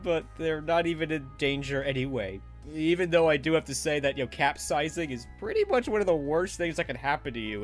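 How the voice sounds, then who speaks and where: A man giving a casual, chatty spoken review of a cartoon episode, animated and often laughing at himself. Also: on the high side. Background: faint background music.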